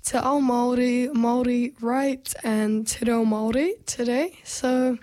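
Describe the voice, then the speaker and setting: A woman's voice: fairly high pitch, steady tone, a little slow, warm tone. A young woman co-hosting a casual political chat, her voice a little strained, talking with many fillers. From New Zealand. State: strained voice after losing it. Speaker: podcast co-host.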